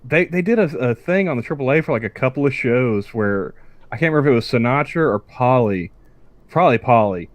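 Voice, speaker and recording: A man's voice: medium pitch, expressive, brisk, no room sound. A man on a casual podcast who rambles and stammers through restarts. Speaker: podcast co-host.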